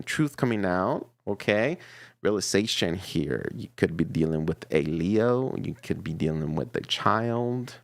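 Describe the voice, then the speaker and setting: A man giving a casual, playful tarot reading to his viewers, chatty and quick to laugh. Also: deep voice, expressive, gravelly, dry recording. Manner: chatty and playful, laughs often, repeats himself. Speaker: tarot reader.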